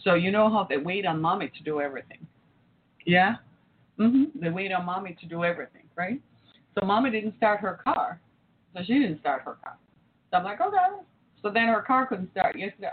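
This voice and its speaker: Woman host in her forties, lively storyteller who acts out voices, heard down a thin phone-like line. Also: mid-range voice, brisk. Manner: animated, acts out quoted voices. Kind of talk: storytelling to an audience. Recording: tinny phone-like line with faint noise.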